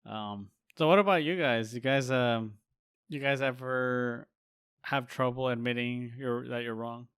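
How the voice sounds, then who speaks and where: Young male podcast co-host, smooth clear voice, dry close mic, rambling and teasing. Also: medium pitch, a little slow, fairly bright tone, dry recording. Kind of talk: casual chat.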